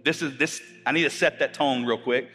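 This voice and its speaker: A man's voice: mid-range voice, brisk, sharp tone, long reverb tail, soft background music. A man preaching to his congregation, often repeating his words and asking the audience questions. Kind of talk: sermon.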